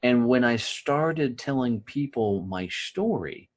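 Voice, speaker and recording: A man's voice: mid-range voice, animated, slow. A middle-aged man from the rural United States, a podcast guest telling stories in a blunt, profane way and often checking in with "right?". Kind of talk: casual storytelling.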